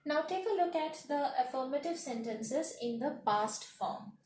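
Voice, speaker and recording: A woman teaching a grammar lesson, slowly listing words one by one and repeating her points. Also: high-pitched, animated, darkish tone, distant mic, a little hiss or hum. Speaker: English teacher. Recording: echoey room, voice off-mic.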